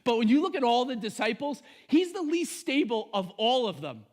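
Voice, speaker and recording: A male pastor preaching an online sermon to viewers at home, animated and emphatic with playful asides. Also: very high voice, normal speed, hardly any pauses.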